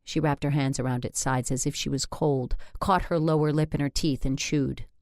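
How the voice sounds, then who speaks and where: A woman's voice: sits low, steady tone, normal speed, darkish tone, no room sound. A woman narrating a first-person audiobook with a wry, dry sense of humor.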